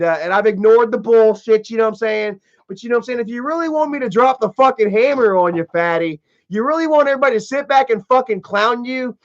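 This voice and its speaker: Male live streamer, high voice, aggressive profane rant, muffled low-fi stream audio. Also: a bit bright.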